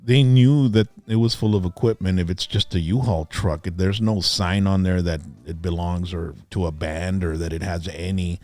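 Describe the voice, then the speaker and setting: A man's voice: deep voice, steady tone, normal speed, hardly any pauses, darkish tone, dry recording, soft background music. A man hosting a podcast, asking questions in a laid-back, blunt, conversational way. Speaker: podcast host. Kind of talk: casual interview questions.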